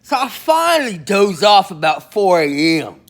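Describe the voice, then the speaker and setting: A man rambles through a comic story in a cocky, slang-heavy voice. His pitch swings up and down as he talks. He slips into little put-on voices for the people he quotes. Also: big pitch swings, normal speed. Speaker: channel host telling prison stories.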